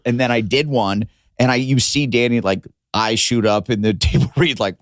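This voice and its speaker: A man on a podcast as a comedian guest, telling stories in a lively, profane, casual way. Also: mid-range voice, normal speed, hardly any pauses, no echo, clean studio sound. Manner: animated, profane storyteller.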